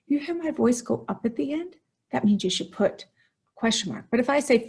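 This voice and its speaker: Upbeat lady teacher walking kids thru a writing lesson, kinda high voice. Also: lively intonation, breathy edge. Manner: upbeat, explains slowly and stresses key words.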